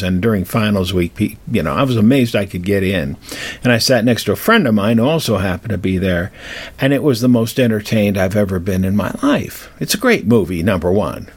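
Older male radio host in his seventies with a lowish voice, chatty and meandering storyteller. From Colorado. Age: 70s. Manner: rambling and anecdotal, with fillers and restarts. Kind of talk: casual storytelling.

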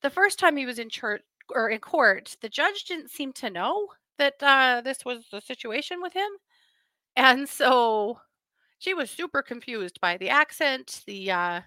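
Bright, chatty woman streamer. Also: fairly high pitch, no echo. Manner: chatty and rambling, laughs often, many asides and restarts. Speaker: livestream host reading viewer comments. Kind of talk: casual true-crime chat with viewers.

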